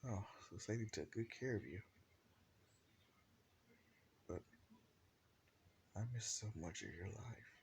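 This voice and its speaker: A man voicing a worried middle-aged mother, lifting his pitch into a higher voice. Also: takes it slowly, pauses often, a little hiss or hum. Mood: tearful.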